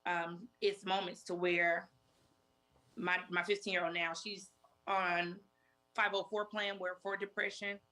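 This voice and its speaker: A woman in her forties, a talk show guest, telling her story in a halting way and repeating herself often. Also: on the low side, flat delivery, pushed and bright. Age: 40s. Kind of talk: emotional interview testimony.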